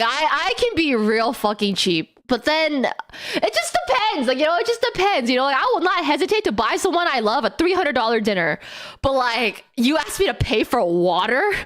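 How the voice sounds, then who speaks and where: High, animated young woman streamer. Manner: animated, profane, laughs often. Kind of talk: casual livestream storytelling.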